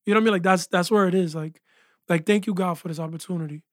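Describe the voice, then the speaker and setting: A man, a music producer and engineer, telling his story in a casual interview with animated energy, saying "yo" and "like" a lot. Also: high-pitched, racing, dry recording, studio quality. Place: small recording studio.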